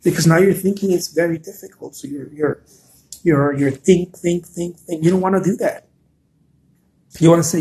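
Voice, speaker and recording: A man's voice: on the high side, fairly even intonation, normal speed, a little mellow, slight background noise. A man hosting a casual live stream, talking earnestly and encouragingly, often repeating words and answering viewer comments.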